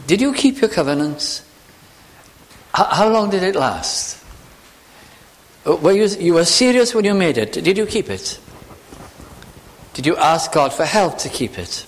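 A man preaching a sermon, earnestly reading scripture aloud slowly and with weight. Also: sits high, very animated.

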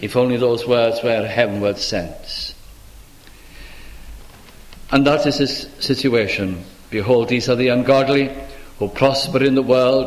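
A man's voice: moderate pace, poor audio. A man preaching a sermon, acting out quoted voices as he explains a psalm. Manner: animated, acts out quoted voices with rising pitch.

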